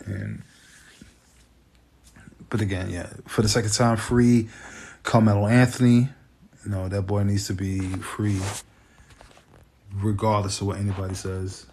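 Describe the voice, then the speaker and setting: A man hosting a podcast, talking in a halting, emotional, rambling way. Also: fairly low pitch, level tone, a little mellow. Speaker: podcast host. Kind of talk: casual monologue.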